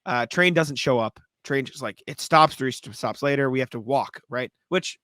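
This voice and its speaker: A man's voice: medium pitch, moderate pace, bright, forceful tone, no room sound. A young man co-hosting a podcast, telling a drunken night-out story with laughs and plenty of swearing. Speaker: podcast co-host. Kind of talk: casual chat.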